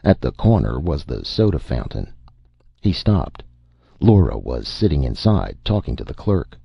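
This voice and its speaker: Deep, gravelly male storyteller. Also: big pitch swings, unhurried, dry recording, highs cut off. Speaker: narrator. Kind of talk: audio drama reading.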